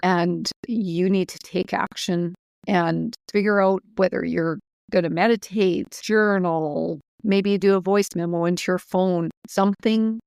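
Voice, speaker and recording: A woman's voice: lowish voice, fairly even intonation, measured pace, gravelly, darkish tone, smooth, no echo. A woman co-hosting a spiritual podcast, giving firm, direct advice in a casual way. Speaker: co-host.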